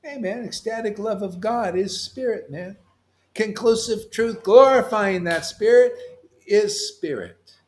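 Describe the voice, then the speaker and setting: High-voiced man preaching loudly. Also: measured pace. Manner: loud and mocking, yelling at times, laughing. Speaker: spiritual teacher. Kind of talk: animated sermon.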